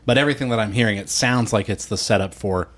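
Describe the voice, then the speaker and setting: Male podcast co-host, lower voice, relaxed chatter with frequent laughs. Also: fast. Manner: laughs often, acts out quotes in put-on voices. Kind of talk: casual chat.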